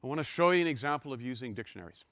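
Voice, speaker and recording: A man's voice: medium pitch, lively intonation, racing, a bit bright, no echo. An older man giving a university lecture, walking step by step through code with wry, self-deprecating asides.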